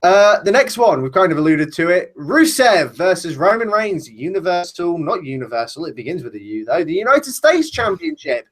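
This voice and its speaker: A man with a high, very lively voice leads a loose wrestling discussion. He rants, swears freely and jumps around in pitch as he makes his points. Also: normal speed, hardly any pauses. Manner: profane, ranting. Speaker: podcast host.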